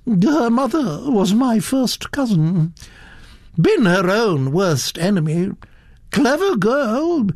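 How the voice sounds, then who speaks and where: A man's voice: high-pitched, a little mellow, dry recording, clean studio sound, voice pushed up, heavily acted. Man doing a bossy elderly duchess. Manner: brisk, commanding, disapproving. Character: imperious elderly duchess, blunt and domineering.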